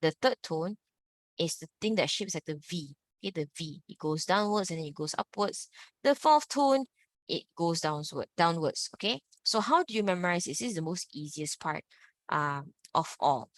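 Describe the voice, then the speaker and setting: A woman's voice: on the low side, no room sound. A woman teaching an online Mandarin class, drawing out each tone in big swoops and leading repeat-after-me drills. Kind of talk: online language lesson.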